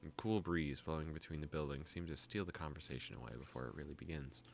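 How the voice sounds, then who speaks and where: A young man hosting a gaming video, calmly reading a visual novel aloud with joking asides. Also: rumbling low, quick pace, vocal fry, slight background noise.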